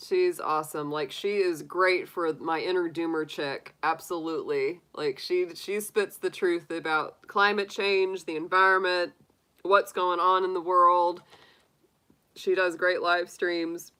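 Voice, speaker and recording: Chatty bright-voiced woman tarot streamer. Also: on the low side, measured pace, smooth, poor audio. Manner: laughs often, chatty and animated, acts out quotes. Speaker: tarot reader hosting a live stream. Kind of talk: casual live-stream chat with viewers.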